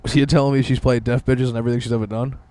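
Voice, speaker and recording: A man's voice: medium pitch, level tone, racing, dark tone, no room sound. Joking profane man hosting a podcast. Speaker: podcast host. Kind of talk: casual podcast banter.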